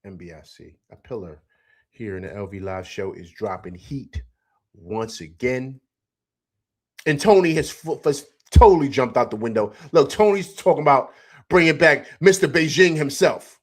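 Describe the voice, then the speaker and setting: This fan show host talks to his chat directly during a live sports reaction stream, using a medium pitch at normal speed. He's emphatic, says things twice, and drops "man" constantly.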